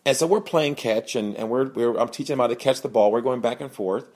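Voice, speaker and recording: A man's voice: brisk, hardly any pauses. Earnest man telling a personal story. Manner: earnest, animated, acts out quoted voices with raised pitch. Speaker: podcast host, sales speaker.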